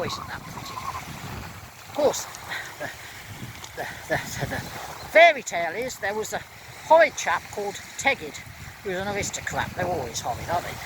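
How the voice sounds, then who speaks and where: Woman vlogger, lively chatty delivery, outdoor handheld mic with loud wind buffeting. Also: medium pitch. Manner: chatty, exclaims often, rambling asides. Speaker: vlogger walking her dog. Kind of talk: casual spoken vlog. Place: lakeshore outdoors in drizzle and wind.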